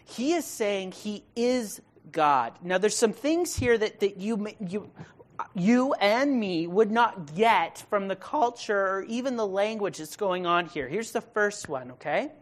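A preacher talking through a sermon in a relaxed, chatty way, full of rhetorical questions and everyday slang. The voice sits at a middling pitch and swells into loud, emphatic stretches to drive a point home. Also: measured pace. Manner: builds to loud emphatic bursts. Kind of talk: casual conversational sermon.

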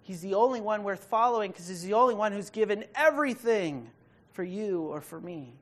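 A woman preaching a sermon, reading scripture and then explaining it, stressing key words and dropping from loud emphasis to hushed tones. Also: mid-range voice, lively intonation, fairly quick.

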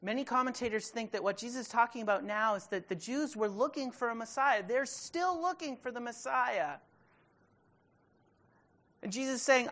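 A woman leading a Bible study, reading scripture aloud and then restating it in casual everyday speech, slowing down to stress key words. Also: on the high side, fairly bright tone. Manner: emphatic, stretches key words slowly. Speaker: Bible teacher.

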